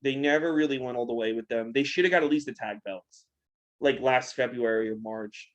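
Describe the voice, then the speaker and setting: A man's voice: mid-range voice, brisk, muffled recording. A young man in a casual post-show chat, giving blunt, critical opinions with many filler words. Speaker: podcast co-host.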